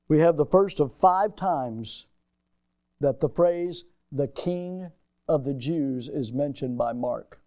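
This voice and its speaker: A man preaching a sermon as pastor, emphatic, swinging between loud and soft, and calling out to his congregation. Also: fairly high pitch, dry recording. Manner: calls out to the congregation.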